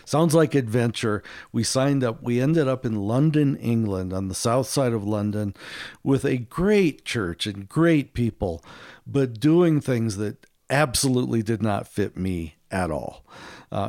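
Middle-aged american guy telling stories on a podcast, voice bounces up for quotes, dry close sound. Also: no echo. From United States. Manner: animated storyteller, acts out quotes with big pitch jumps. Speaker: guest, ministry author. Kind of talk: storytelling in a podcast interview.

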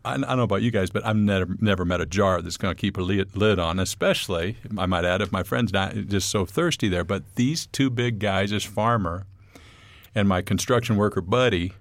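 A man telling his own story as an interview guest, relaxed and a little wry. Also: low-pitched, a little fast, no room sound. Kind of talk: personal testimony storytelling.

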